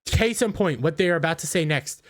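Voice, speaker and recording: A man's voice: on the high side, lively intonation, fairly quick. A man giving opinionated commentary in an indignant, scornful, ranting manner. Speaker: YouTube commentator.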